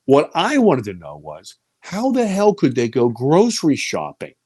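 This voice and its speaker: An animated man in his fifties recounts his story as an interview guest, his voice swinging widely and leaping up for quoted lines. He sinks low and quiet at the frightening parts. The recording is close and dry, with no room sound. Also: a little slow, slightly rough, dry recording. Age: 50s. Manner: animated, voice rising high for quoted speech and dropping low and quiet for fear.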